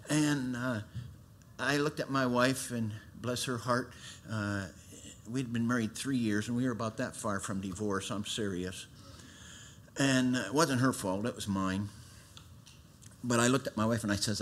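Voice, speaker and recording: A middle-aged man delivers a sermon testimony as folksy storytelling, his medium-pitched voice swinging from loud, emphatic bursts to hushed, earnest tones.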